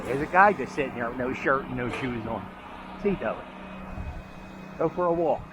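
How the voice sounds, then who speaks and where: A man's voice: mid-range voice, expressive, normal speed, over music. A man rambling and joking as he walks his dog outdoors through city streets, filming as he goes. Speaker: vlog host walking his dog. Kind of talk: casual walking commentary.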